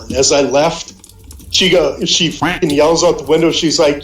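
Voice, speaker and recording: A man's voice: on the high side, fairly even intonation, unhurried. Profane middle-aged man telling stories. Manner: profane, heated anecdote telling. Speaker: guest on a call. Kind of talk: casual storytelling. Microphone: voice call. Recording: roomy echo, faint music behind.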